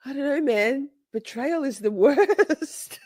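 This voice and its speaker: A woman's voice: high-pitched, lively intonation, slow, a little mellow, no echo, clean studio sound. A woman hosting a casual livestream, chatting with playful mock outrage and frequent laughter. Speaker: livestream host.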